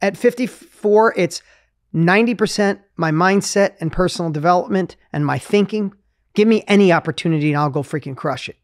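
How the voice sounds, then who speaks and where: A man in his fifties hosting a podcast, talking in an energetic, coaching way and acting out inner voices. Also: high voice, fairly quick, no room sound, clean studio sound. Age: 50s. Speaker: podcast host. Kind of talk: motivational conversation.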